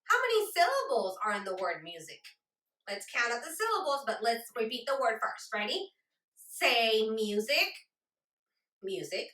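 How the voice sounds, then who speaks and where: A woman teaching a children's phonics lesson, speaking slowly and deliberately and sounding out words, recorded with a roomy echo from a distance. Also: a little high, pushed and bright. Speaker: literacy teacher.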